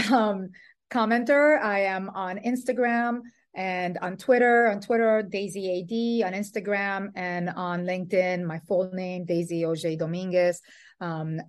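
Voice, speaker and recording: A middle-aged woman, a guest author in an interview, speaking in an earnest, thoughtful way and often restarting her sentences. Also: medium pitch. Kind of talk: conversational interview.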